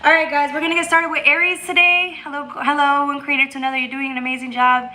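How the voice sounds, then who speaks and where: A woman's voice: sits high, level tone, fast talker. A woman hosting a tarot livestream, chatting casually and bluntly with viewers. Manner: blunt and scolding, reads chat aloud, bursts into loud laughter. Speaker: tarot reader and livestream host.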